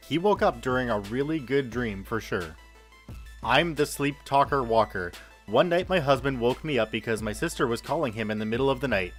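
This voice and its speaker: A man reads stories for his podcast in a lively way and gives the quoted speakers a touch of voice. His pitch sits in the middle range. Quiet music plays under him. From Canada. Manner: lively reading, acting out quoted lines. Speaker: host reading stories. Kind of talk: reading online stories aloud.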